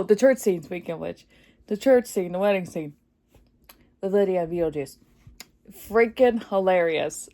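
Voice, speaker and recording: A woman's voice: lowish voice, warm tone. Gushing chatty woman reviewing a movie. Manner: gushing, chatty, many fillers, laughs often. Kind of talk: casual spoiler review vlog.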